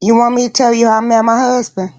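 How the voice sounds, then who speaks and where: A woman's voice: on the high side, steady tone, quick pace, darkish tone, no room sound. A middle-aged woman hosting a casual chat, telling stories bluntly and with plenty of swearing. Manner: blunt, profane storyteller. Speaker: host.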